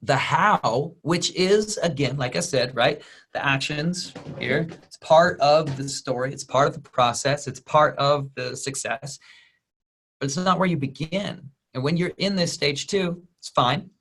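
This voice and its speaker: Energetic man coaching on a video call. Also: medium pitch. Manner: energetic storyteller, acts out quoted voices. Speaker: business coach and speaker. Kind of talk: motivational talk on a group video call.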